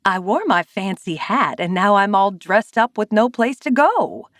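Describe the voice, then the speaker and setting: A woman's voice: mid-range voice, lively intonation, unhurried, fairly bright tone, dry recording, clean studio sound. A woman narrator voicing a fussy older lady who chats in a playfully complaining way in an audiobook. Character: fussy older lady fond of dance music and fancy hats. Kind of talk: audiobook character voice.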